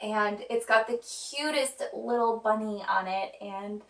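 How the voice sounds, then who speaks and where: A woman's voice: medium pitch, a little slow. A young woman vlogger talking casually and earnestly, with frequent fillers. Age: young adult. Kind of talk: casual chat. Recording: roomy sound from a distant mic.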